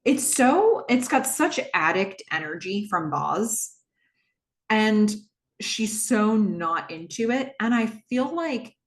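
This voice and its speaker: A woman's voice: medium pitch, very animated, slow. A woman hosting a podcast, casually retelling a TV episode scene by scene, with many "like"s and ums. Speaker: podcast host.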